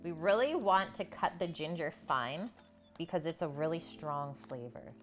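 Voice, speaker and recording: A woman's voice: low-pitched, animated, moderate pace, faint music behind. A woman hosting a live cooking stream from her home kitchen, chatting with viewers and reading their comments aloud between steps. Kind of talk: live cooking demonstration with chat replies.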